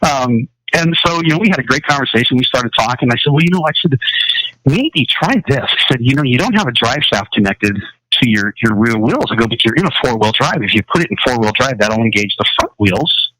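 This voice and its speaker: A man's voice: medium pitch, lively intonation, brisk, pushed and bright, low-quality recording. A man hosting a talk show, telling a long, rambling road-trip story and acting out the dialogue. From Kansas. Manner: rambling anecdote with acted-out dialogue. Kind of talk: casual storytelling.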